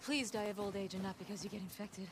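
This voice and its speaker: A caring young woman companion in a video game, voiced by an actress, speaking in a soft, wry, teasing way. Her voice sits at an ordinary pitch, with faint ambient noise behind. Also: steady tone, fast, lightly acted.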